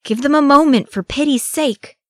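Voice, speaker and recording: A woman voicing a distraught male warrior who cries out in pleading and speaks low and urgently. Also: moderate pace, slightly rough, no room sound, clean studio sound. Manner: crying out, then hushed undertone.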